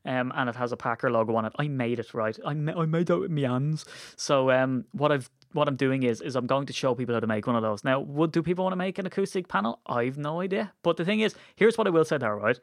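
A man with a Wicklow Irish accent rambles through a jokey podcast chat. His voice sits at a middling pitch. The recording is close and dry. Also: quick pace, hardly any pauses, dry recording. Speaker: podcast host. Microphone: studio podcast mic.

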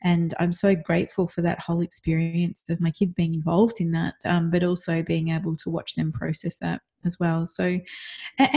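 Woman, middle-aged, podcast co-host, reflective storytelling, lowish voice. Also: warm tone. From Australia. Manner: reflective storytelling, laughs often. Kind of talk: casual chat.

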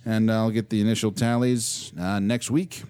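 A man's voice: fairly low pitch, fairly even intonation, moderate pace, a little mellow, smooth, dry recording. A man co-hosting a casual podcast, joking and swearing freely. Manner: profane, laughing banter. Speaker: podcast co-host.

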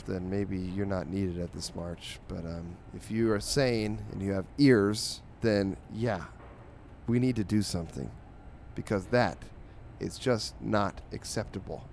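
A man hosting a podcast, reading comic strips aloud in a sarcastic, animated way and jumping his pitch when he quotes the characters. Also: gravelly, slight background noise. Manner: sarcastic, animated, voices quoted lines with big pitch jumps. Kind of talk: casual comedic monologue.

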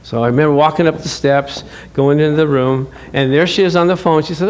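Man, pastor, middle-aged, high voice, lively story-driven sermon, chuckling asides. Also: brisk, hardly any pauses. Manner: animated storytelling, acts out dialogue, chuckles often. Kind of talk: sermon with personal stories.

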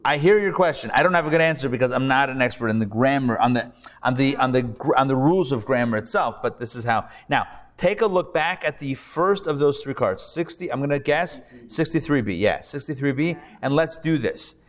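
A rabbi, speaking a little fast in a medium-pitched voice, runs a live Hebrew reading class and patiently has his students repeat pronunciations. The hall recording is reverberant, with an audience present.

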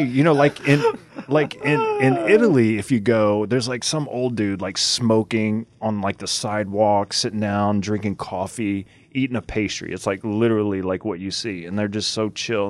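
A man's voice: lowish voice, measured pace, dry recording. A man hosting a casual chat, telling stories and laughing often. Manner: laughing storyteller, chatty. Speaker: podcast host.

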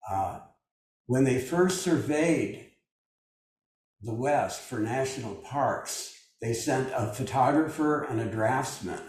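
A man's voice: medium pitch, darkish tone. An older man leading a meditation group over a video call, talking in a loose, musing way with many fillers. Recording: very echoey room, distant mic.

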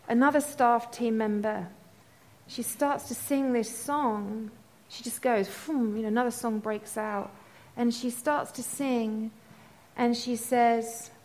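High-voiced woman preaching with passion. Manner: passionate storytelling, sings snatches of worship songs; builds to loud, impassioned proclaiming. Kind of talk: sermon.

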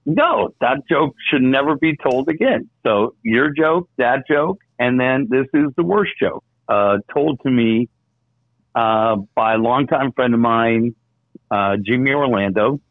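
A radio host in easy, rambling chat, trailing off with relaxed filler pauses as he spins stories. His voice comes through thin and narrow, like a phone line. The sound is dry, with no room to it. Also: mid-range voice, no room sound. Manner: storytelling, easygoing with filler "uh". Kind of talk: casual radio chat, telling jokes.

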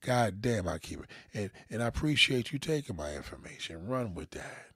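A man's voice: on the low side, big pitch swings, normal speed, fairly bright tone, husky, no room sound, studio quality. A middle-aged man giving crude dating advice to viewers in a profane, preachy rant, swearing constantly. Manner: preachy, crude, peppered with "goddamn", slips into voices of others.

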